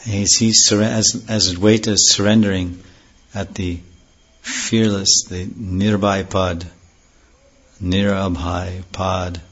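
Chanting verses slowly before explaining them with earnest care, this spiritual teacher delivers a devotional lecture on a dull lo-fi recording. His voice sits low and flat, fairly bright in tone with a breathy edge.

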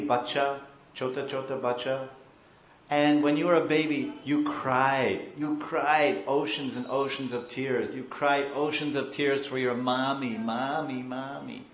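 A man giving a slow, emotive devotional sermon, acting out crying devotees. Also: mid-range voice, reverberant. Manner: slow, emotive, acts out crying devotees and mixes in Hindi and Sanskrit terms. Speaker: spiritual teacher.

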